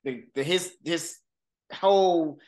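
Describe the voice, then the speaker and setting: A man's voice: fairly high pitch, slow pace. A man co-hosting a podcast, chatting casually and swearing a lot, with "bro" and "real talk". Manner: profane, animated, says "bro". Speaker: podcast co-host. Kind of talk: casual chat.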